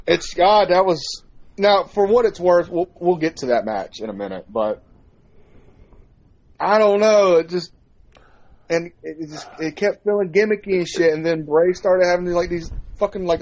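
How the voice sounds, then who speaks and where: A man telling a story in a casual chat, profane and animated as he recounts it. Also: high voice, muffled recording. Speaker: podcast co-host.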